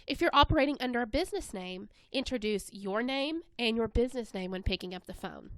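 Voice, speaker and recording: Smooth-voiced woman presenting a webinar. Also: a little high, lively intonation, a little fast, no room sound. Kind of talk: scripted instructional narration.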